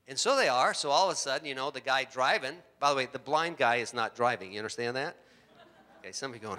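A middle-aged man preaching a sermon, telling stories with lively acted-out voices. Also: a little fast. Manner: animated storytelling, acts out voices with big pitch jumps. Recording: long hall reverb.

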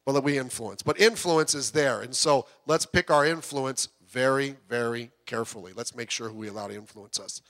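A man's voice: mid-range voice, a little fast, few pauses, fairly bright tone. A man preaching a sermon, chatting with the congregation and asking them questions. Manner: conversational, asks the congregation questions, acts out quotes. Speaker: pastor. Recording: long hall reverb.

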